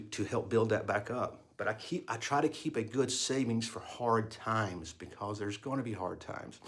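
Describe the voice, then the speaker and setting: A middle-aged man who owns a construction company, talking earnestly and with feeling to his workers in a casual, unscripted way full of fillers and restarts. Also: mid-range voice. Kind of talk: casual talk to the crew, filmed by himself.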